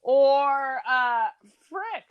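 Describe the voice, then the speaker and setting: A woman's voice: high voice, lively intonation, extremely slow, dry recording, phone-quality sound. A woman co-hosting a podcast in casual chat, with wry, sardonic quips. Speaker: podcast co-host.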